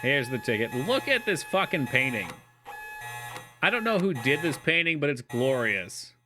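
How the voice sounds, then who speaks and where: While playing a game on a live stream, a man chats casually and jokes with viewers, swearing freely. His mid-range voice is very animated at a moderate pace, with loud game music in the background.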